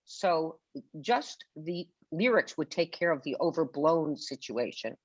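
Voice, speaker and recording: Older woman guest on a webinar, low voice, vivid theatrical storyteller, dull dry video-call sound. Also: animated, unhurried, no echo. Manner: theatrical storyteller who acts out quotes. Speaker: guest author. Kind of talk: webinar conversation.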